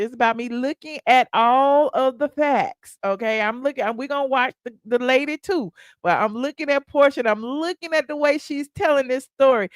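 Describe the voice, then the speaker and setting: A woman's voice: a little high, fairly quick, hardly any pauses, no echo, studio quality. A woman hosting a casual reaction commentary, chatting straight to her viewers. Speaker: commentary host.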